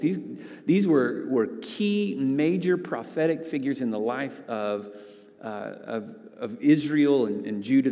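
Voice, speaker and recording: A man's voice: medium pitch, darkish tone, big-room sound. A man preaching a sermon as a pastor, earnest, often repeating words and restarting phrases.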